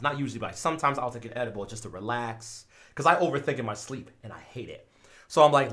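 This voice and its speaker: Animated man telling a story. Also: on the high side. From Chicago. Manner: animated, swings between mumbling asides and loud exclaims. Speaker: streamer. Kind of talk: casual storytelling.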